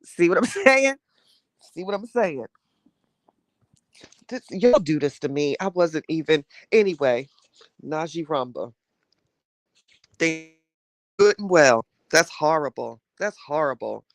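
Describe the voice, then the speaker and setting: A woman's voice: deep voice, no room sound. Heated, chatty woman, dry close sound. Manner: animated and heated, quick to rile, laughs between rants; chatty, talks straight to the audience. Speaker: livestream host reading viewer chat. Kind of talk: casual morning chat with viewers.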